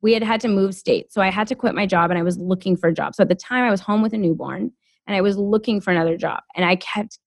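A woman in her thirties, a guest on a podcast, telling her story in a chatty, animated way with lots of fillers. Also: medium pitch, fast, dry recording. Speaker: guest, former lawyer. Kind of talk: casual podcast conversation.

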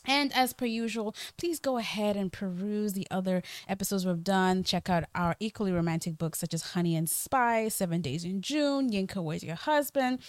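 A woman co-hosting a podcast, chatting in a playful, animated and slangy way. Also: medium pitch, moderate pace, few pauses, dry recording. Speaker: podcast co-host. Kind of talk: casual podcast chat.

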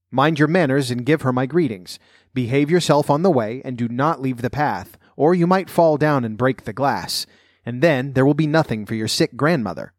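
A man's voice: mid-range voice, no echo, studio quality, natural voice. A man voicing a caring, stern mother giving her daughter firm instructions.

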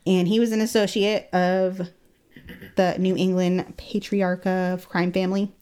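A woman telling a true-crime story in casual chat, animated, laughing often and acting out quotes. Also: lowish voice, measured pace, clean tone. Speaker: guest storyteller.

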